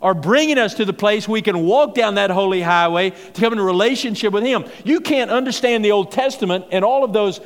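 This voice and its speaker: A man preaching a sermon as pastor, swinging from emphatic, rising declarations to quiet, low asides. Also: a little fast, few pauses, in a large hall.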